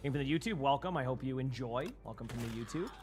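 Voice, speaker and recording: A man's voice: mid-range voice, fast talker, a little hiss or hum. A young man with a Boston accent giving casual, rambling live-stream commentary while playing and chatting with viewers on a headset mic.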